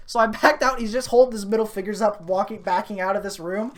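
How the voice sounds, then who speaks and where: Hardly pausing, this young podcast host talks a little fast in a medium-pitched voice. Her casual story wanders with plenty of fillers and false starts, and by the climax she's lively and loud.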